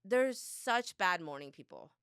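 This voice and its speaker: A woman in her thirties co-hosting a podcast, chatting bluntly, swearing freely and acting out her family in loud bursts. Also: mid-range voice, expressive, a little slow, clear, resonant tone, dry recording, clean studio sound. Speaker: podcast co-host. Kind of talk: casual chat.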